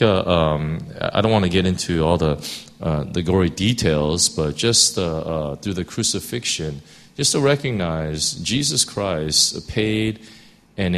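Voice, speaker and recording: A man preaching who reads a long scripture passage aloud, then talks it over in a halting way with many fillers and restarts. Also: deep voice, expressive, fairly bright tone. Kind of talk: scripture reading then sermon.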